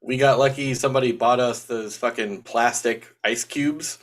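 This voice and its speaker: A man in his thirties joins a casual chat with a mid-pitched voice. He speaks in a relaxed, matter-of-fact manner. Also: normal speed.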